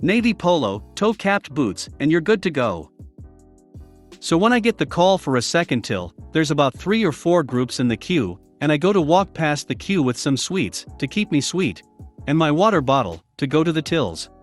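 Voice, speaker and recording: A man narrating reddit revenge stories in a scripted, animated storytelling manner. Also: a little high, normal speed. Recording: faint background music.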